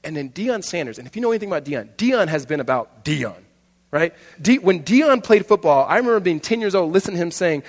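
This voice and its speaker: A man preaching a sermon, telling stories animatedly and dropping to a soft voice for emphasis. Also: sits high, fast talker, in a large hall. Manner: animated storytelling, laughs often, drops soft for emphasis. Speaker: pastor.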